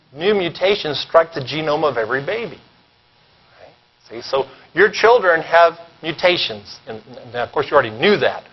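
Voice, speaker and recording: A man with a somewhat high, husky voice delivers a conference keynote. He is animated and sarcastic, stopping often to ask the room if they follow. The recording is dull and lo-fi. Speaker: keynote speaker. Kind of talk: conference lecture. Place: conference hall.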